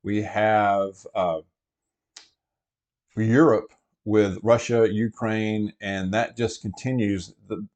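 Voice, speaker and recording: A man's voice: on the low side, a little mellow. A man hosting a casual prepper vlog, talking from inside a truck in a meandering way full of fillers and restarts. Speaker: prepper vlogger host. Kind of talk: casual rambling vlog talk.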